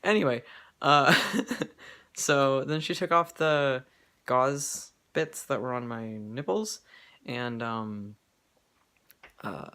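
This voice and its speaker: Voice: medium pitch, slow pace, long pauses, pushed and bright. A vlogger talking casually at home in an update video, rambling with lots of fillers and restarts and giggling often.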